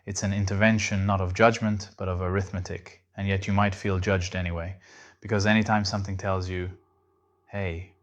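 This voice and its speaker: A man with a deep, low voice reads a scripted narration. His delivery is measured and reflective. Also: level tone.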